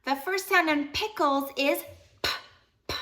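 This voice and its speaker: A young woman teaching young children phonics in a playful, animated sing-along lesson, singing short song lines between sounds. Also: sits high, unhurried.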